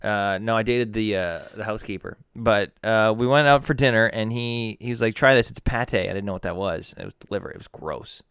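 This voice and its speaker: Co-host type, smooth clear male voice, dry close sound, jokey storyteller who swears, a bit unwell. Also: lowish voice, a little fast, hardly any pauses, a bit bright, no echo. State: feeling unwell. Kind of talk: casual chat.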